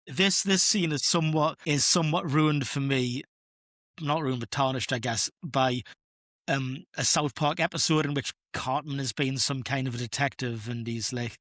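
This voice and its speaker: Bright-voiced man, chatty. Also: mid-range voice, moderate pace, dry recording, clean studio sound. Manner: chatty, rambling, laughs at own jokes. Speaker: podcast co-host. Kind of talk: casual film discussion.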